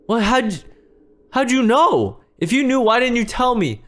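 A man's voice: extremely high pitch, big pitch swings, a little slow, a bit bright. A man acting out a game role-play as a frantic father, pleading and repeating himself. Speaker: role-play creator and lead player.

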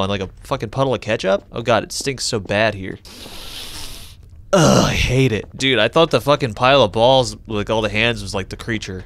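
A young man doing let's-play commentary on a horror game, joking and swearing, with sudden high yelps when startled. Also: moderate pace, fairly bright tone, dry recording. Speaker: gaming YouTuber.

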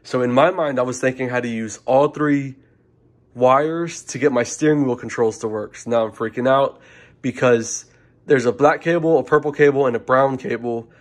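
Young adult male, informal DIY explainer, chatty and rambling, mid pitch. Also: normal speed. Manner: rambling, informal, self-correcting. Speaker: car audio DIY reviewer. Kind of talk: casual how-to explanation.

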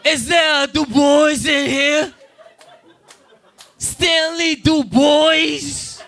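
A man voicing a flamboyant gay doctor who shouts a patient's name across a waiting room. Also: extremely high pitch, fairly even intonation, drawn-out words, gravelly, some chatter behind, pitched above the performer's own voice, full character voice. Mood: calling out. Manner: flamboyant, calling out loudly.

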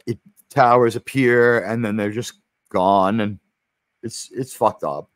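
A man's voice: fairly low pitch, steady tone, slow, no echo. A man from New York City hosting a stream, chatting casually about movies, rambling with many restarts and the odd swear word. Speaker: stream host.

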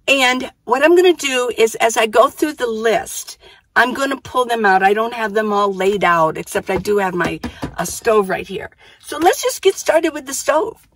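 Woman, slightly high voice, chatty casual vlog, repeats words, talking to camera inside a minivan. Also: a bit bright, a little hiss or hum. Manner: chatty and repetitive, thinks aloud. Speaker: vlogger living in her minivan. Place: outdoors then inside a minivan.

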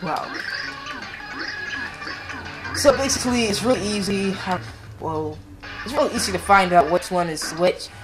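A woman casually commenting while playing a video game, rambling with many fillers. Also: lowish voice. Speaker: let's play commentator. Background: game music.

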